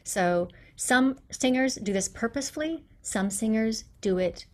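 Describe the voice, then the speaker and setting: A middle-aged woman, a guest accent coach, talks in a casual interview with an animated, explanatory manner. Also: a little high, a little slow. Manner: animated, explanatory, acts out quotes.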